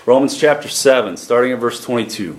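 A man preaching a church sermon, calling out to the congregation and reading scripture slowly. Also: mid-range voice, animated, reverberant. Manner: calls for congregation responses, reads scripture slowly.

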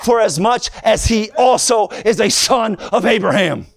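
Preaching a fiery sermon, a man with a high, gravelly voice swings between soft asides and shouted, nearly sung lines. His rhythmic, sing-song cadence holds throughout, his pace a little slow, with a crowd audible behind him.

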